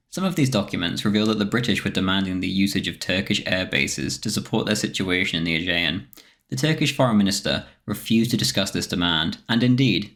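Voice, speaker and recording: A man reading a scripted history documentary narration in a steady, measured way. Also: deep voice.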